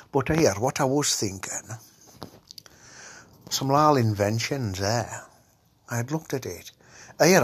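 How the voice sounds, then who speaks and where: Slow, sweary Cumbrian man with a cold. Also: medium pitch, background noise. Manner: swearing, dialect-heavy, trails off into mutters. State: has a cold. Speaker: podcast host. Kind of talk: rambling crude comic monologue.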